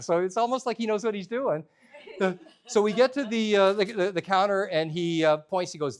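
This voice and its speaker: A man's voice: fairly high pitch, clean tone. A man telling a comic story at a live workshop, self-deprecating and humorous. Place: workshop room with a live audience.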